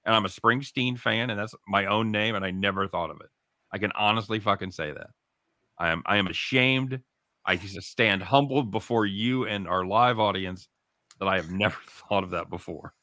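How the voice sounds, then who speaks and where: Middle-aged male radio host, lowish, punchy, bright voice, profane and excitable, dry close mic. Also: normal speed, no echo. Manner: profane, excitable, laughs loudly. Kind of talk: casual sports talk banter.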